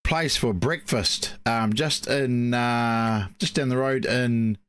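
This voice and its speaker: Here the New Zealand co-host of a casual live stream rambles through stories thick with fillers. His mid-range voice is slow, fairly bright and clean.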